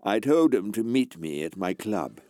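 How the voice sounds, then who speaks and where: A Scottish man narrating a scripted comedy in a deadpan, self-important way. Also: on the low side, normal speed, soft background music. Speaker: actor narrating his own story. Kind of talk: scripted comedy monologue and dialogue.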